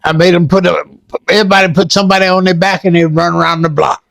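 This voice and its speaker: A man's voice: high voice, fast talker, vocal fry, dry recording. Older man telling stories animatedly. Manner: lively, acts out sounds and voices. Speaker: interviewee. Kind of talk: animated storytelling.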